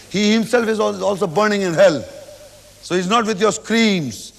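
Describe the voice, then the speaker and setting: A man giving a slow, verse-by-verse religious explanation, often repeating phrases and acting out quoted words. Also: sits high, gravelly, in a large hall. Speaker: Quran teacher.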